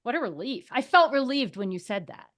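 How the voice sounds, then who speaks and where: An American woman co-hosting a podcast, bubbly and quick to agree with the others. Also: fairly high pitch, big pitch swings, fairly bright tone. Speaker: podcast co-host. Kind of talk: casual interview chat.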